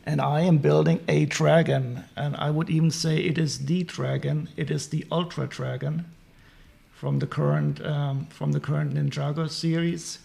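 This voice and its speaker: Gravelly German man streaming Lego builds. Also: fairly high pitch, little pitch movement, mellow. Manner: apologetic, halting with many restarts. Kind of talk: casual live-stream chat.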